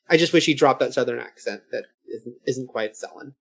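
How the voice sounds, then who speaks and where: A man's voice: medium pitch, fast talker, vocal fry. A man talking as a guest on a panel chat, explaining things eagerly and correcting himself as he goes.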